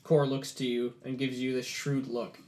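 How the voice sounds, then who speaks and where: A man's voice: medium pitch, flat delivery, moderate pace, darkish tone. Brief: male game master, easygoing narration, loaded with fillers. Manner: casual, many filler "like"s.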